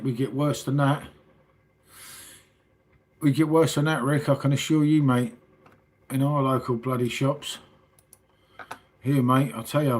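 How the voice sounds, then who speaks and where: Husky matey English bloke. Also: male voice, medium pitch. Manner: matey and sweary, calls everyone mate. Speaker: livestream host. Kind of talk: casual late-night livestream chat reading viewer comments.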